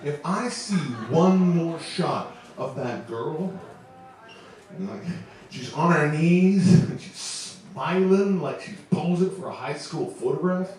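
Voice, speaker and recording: A man's voice: a little high, animated, takes it slowly, a little mellow. A man in his twenties performing a stand-up comedy set on a club stage, chuckling through his own jokes. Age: 20s. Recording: echoey club, distant mic, audience.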